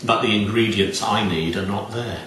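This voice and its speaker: A man's voice: fairly low pitch, fairly even intonation, moderate pace, fairly bright tone, slight background noise, natural voice. A man voicing a feisty, kindly little old woman cook in a cheerful, matter-of-fact way. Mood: chirpy. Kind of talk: storytelling acted voice. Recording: very echoey room, distant mic.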